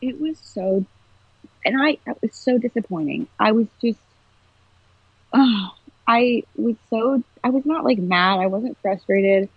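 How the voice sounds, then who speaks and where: Husky woman on a tinny line. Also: medium pitch, normal speed, no echo. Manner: emotional, animated storytelling. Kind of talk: casual chat.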